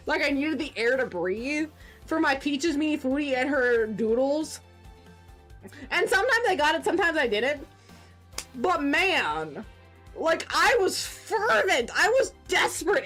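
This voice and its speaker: A woman in her forties streaming a game, chatting casually and ranting with profane, animated outbursts. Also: high voice. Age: 40s. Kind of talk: casual gaming stream chat.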